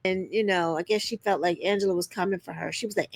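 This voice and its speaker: A woman's voice: fairly even intonation, fast, creaky, no echo. A woman hosting a casual reality TV recap, sassy and direct with viewers, acting out quotes in a put-on voice. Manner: sassy, talks straight to viewers, acts out quotes with pitch jumps.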